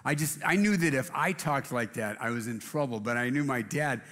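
A man's voice: mid-range voice, expressive, normal speed, a bit bright, in a large hall. A man preaching a casual sermon in a church, rambling and self-deprecating, with many restarts. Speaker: pastor. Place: church auditorium.

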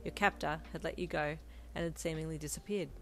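A woman narrating her own fanfiction in a steady, gentle storytelling voice. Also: low voice, brisk, soft background music. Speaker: fanfiction reader. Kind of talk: scripted narration.

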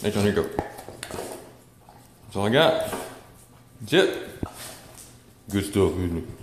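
A man chatting casually to his dog while feeding it, jumping into high baby-talk. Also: animated, a little slow, pauses often, roomy sound, slight background noise. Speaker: dog owner vlogger.

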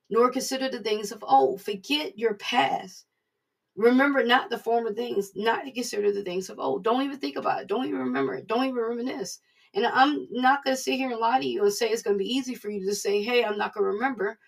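Husky woman preacher, casual sermon, talks right at you, kinda far from the mic. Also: fairly high pitch. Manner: plain-spoken, conversational, addresses listeners directly. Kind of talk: informal recorded sermon.

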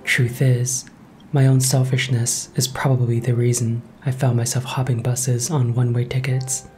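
A man narrating a first-person horror story in a measured, suspenseful way. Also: medium pitch, flat delivery, darkish tone, slight background noise.

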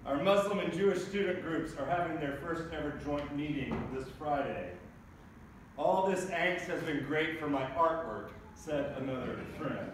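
A man preaching a sermon as pastor, telling funny everyday stories in a lively way. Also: on the high side, normal speed, noisy background. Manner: humorous storytelling preacher. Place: large church sanctuary. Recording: echoey church recorded from a distance.

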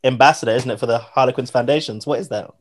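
A man hosting a podcast, careful to clarify his points in a casual conversation. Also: mid-range voice. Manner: careful, clarifying, quick-talking. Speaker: podcast host.

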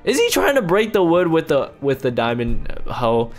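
A young man giving excited gameplay commentary as a YouTuber, talking to his viewers in exasperated, loud outbursts. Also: on the high side, normal speed. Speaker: YouTuber playing a video game.

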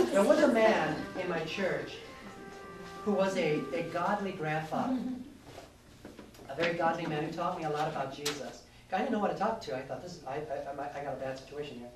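Pastor preaching in an echoey hall. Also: male voice, on the high side. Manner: candid, self-mocking storytelling with audience asides. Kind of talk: sermon. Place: large hall at a youth conference. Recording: echoey hall with distant mic and noise.

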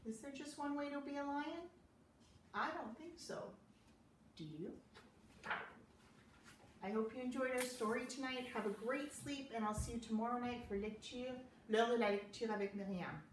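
A woman librarian reading a picture book aloud at bedtime, with an expressive, lively delivery. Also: a little high, moderate pace, long pauses, slight background noise. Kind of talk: bedtime storybook read-aloud. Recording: echoey room, voice a bit far from mic.

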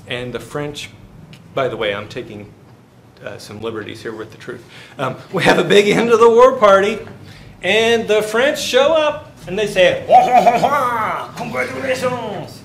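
A male finance lecturer addresses his class in a fairly high voice, spinning loose, humorous history stories and stopping to ask the students questions. He sounds like he is in a reverberant classroom, with a faint hiss under the recording. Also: expressive, normal speed, creaky, fairly bright tone. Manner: joking, storytelling, asks the class questions. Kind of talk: university lecture.

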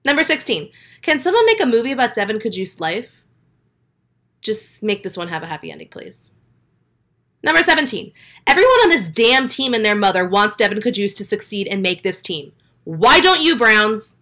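Young woman fan vlogger, sarcastic and excitable, animated bright delivery. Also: medium pitch, brisk. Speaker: sports vlogger. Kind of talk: reaction commentary with numbered countdown.

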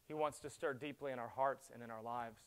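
A middle-aged man, a pastor, preaching a sermon that swings from loud urgent pleading to hushed, quiet passages. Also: medium pitch, fairly even intonation, a little fast, smooth.

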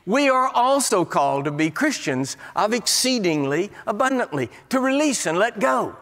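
A man giving a sermon as a guest preacher, an animated storyteller who acts out the voices in his stories. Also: high-pitched, moderate pace. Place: large church sanctuary. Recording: long church hall reverb.

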